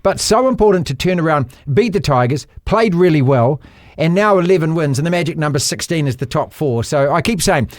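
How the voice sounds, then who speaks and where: A New Zealand man in his sixties hosting a casual sports talk show, jumping in with quick, chatty remarks. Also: a little high, animated, no echo, clean studio sound. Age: 60s. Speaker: show host.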